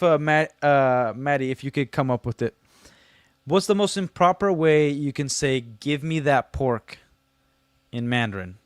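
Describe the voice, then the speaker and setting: A man's voice: medium pitch, clear, resonant tone, dry recording, clean studio sound. A man hosting a casual livestream, reading chat messages aloud and answering them with slangy jokes and teasing. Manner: slangy, loose delivery with many fillers. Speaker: livestream host.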